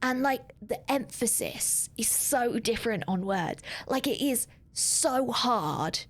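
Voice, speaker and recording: A woman's voice: a little high, lively intonation, slow. A British woman streaming a video game live, chatting animatedly and laughing with her viewers. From Britain. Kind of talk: live gameplay commentary.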